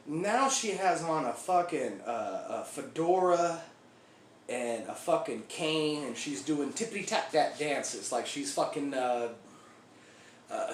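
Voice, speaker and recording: Guy acting as a crude cussing biker dude, kinda high voice, echoey room. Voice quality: profane, rambling storyteller. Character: crude foul-mouthed male biker gang member. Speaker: actor performing a monologue. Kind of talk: comic acted monologue. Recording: echoey room, faint background hiss.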